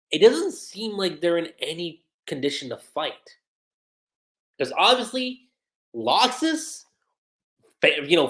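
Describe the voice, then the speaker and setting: An animated anime reviewer talks through an episode recap on a livestream, keeping it casual. The voice sits in a middle register but swings widely and expressively in pitch. Character lines are read aloud in between offhand asides.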